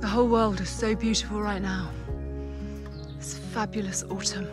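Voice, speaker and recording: A woman, talking to camera on a countryside walk in an unhurried, musing way. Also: mid-range voice, steady tone. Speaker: vlogger. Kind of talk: casual walking vlog. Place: outdoors in windy countryside. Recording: vlog voice with clear background music.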